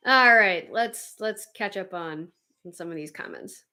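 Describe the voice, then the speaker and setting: A woman hosting a livestream, chatting casually with viewers and reading their comments, animated and quick to laugh. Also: mid-range voice. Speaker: livestream host.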